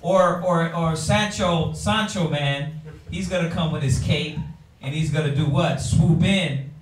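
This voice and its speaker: A man speaking to a Bible class in a drawn-out, playful way, acting out quotes. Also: a little high. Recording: echoey room, mic far off.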